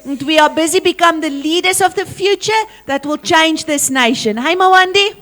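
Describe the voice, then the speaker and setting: A high-voiced woman with a South African accent addresses a school assembly, commanding and playful. She calls pupils forward and drills them with energy. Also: normal speed, a bit bright. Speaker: teacher leading a school assembly.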